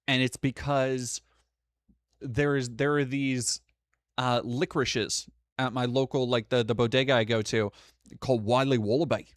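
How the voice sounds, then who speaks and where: A man's voice: medium pitch, flat delivery, a little slow, clear, resonant tone, dry recording, clean studio sound. A young man hosting a live stream, chatting casually and reading donations, rambling with frequent restarts and swearing. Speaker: streamer host.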